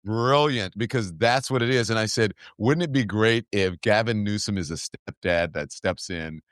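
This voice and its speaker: A man's voice: fairly low pitch, normal speed, no room sound, studio quality. A man hosting a podcast in a casual political chat, telling stories with animation and acting out the quoted back-and-forth. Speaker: podcast host.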